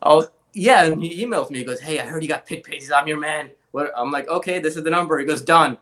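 A man's voice: a little high, quick pace. A young adult man, a guest on an interview show, telling casual stories about collecting comic art and acting out the voices of people he quotes. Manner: animated anecdotes, acts out quoted voices.

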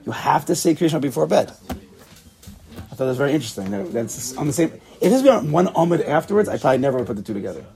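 Man, Talmud class teacher, gravelly, slightly high voice, casual questioning. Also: very animated, very fast, mellow. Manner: thinks aloud, asks the class questions, laughs at himself.

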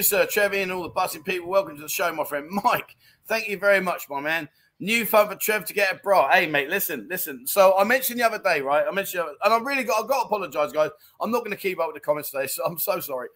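A man's voice: fairly high pitch, a bit bright. A man hosting a casual livestream, reading out viewer comments with jokey, self-mocking, chummy banter. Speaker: livestream host.

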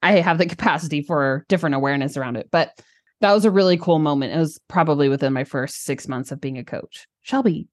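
A woman co-hosting a casual podcast chat, telling stories with lively acted-out quotes. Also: sits low, fast talker, dry recording, clean studio sound. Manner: animated storytelling, acts out quoted lines. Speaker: podcast co-host, business coach.

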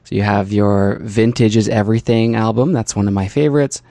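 A man hosting a casual interview, relaxed and friendly, with quick affirmations. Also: on the low side, no room sound. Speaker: podcast host.

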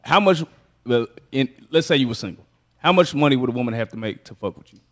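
A man hosting a podcast in casual group chat, excitable and quick to interject with questions. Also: medium pitch. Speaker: podcast host asking questions.

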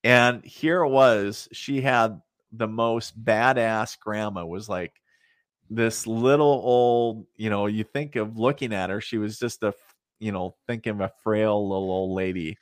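Fairly low and steady, a little slow, this middle-aged man's voice is recorded clean in a studio without room sound. Interviewed as a psychic medium, he spins rambling, casual stories full of fillers and side remarks, chuckling at his own anecdotes.

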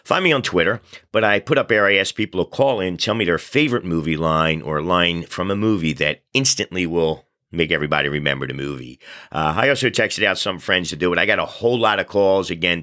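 A man's voice: sits low, animated, a little fast, pushed and bright. A man hosting a podcast in a chatty, loose way, telling stories and reading out contact details. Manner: chatty, loose, self-deprecating storyteller. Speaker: podcast host. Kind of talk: casual talk show monologue.

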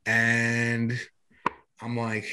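A man recounting his past in loose, casual conversation. His voice sits at an ordinary middle pitch and stays plain. He wanders through the telling with lots of fillers, restarts and the odd curse. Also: completely flat delivery, drawn-out words, pushed and bright. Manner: rambling, filler-heavy, frequent restarts and swearing. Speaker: guest sharing his recovery story. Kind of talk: casual personal storytelling.

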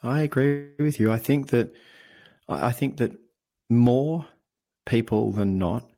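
An Australian man speaking as a podcast guest, telling stories in an earnest, animated way. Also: medium pitch, a little slow, vocal fry. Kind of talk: conversational interview.

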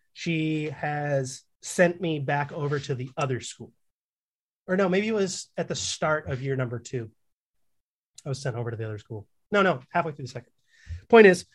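Rambling, profane young man. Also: on the high side. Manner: rambling, swears, self-corrects. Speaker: podcast co-host. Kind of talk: casual chat, storytelling.

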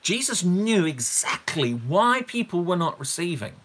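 Teaching from a Bible passage, a male preacher speaks in a high, bright, forward voice with big pitch swings and a slightly slow delivery. He's emphatic, leaning on repeated words and repeatedly asking his listeners rhetorical questions.

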